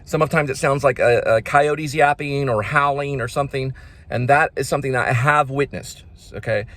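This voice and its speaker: A man hosting his own channel, talking casually to the camera in a rambling, repetitive way, restarting sentences and slowly spelling out names. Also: medium pitch, fairly bright tone. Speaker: independent filmmaker and channel host.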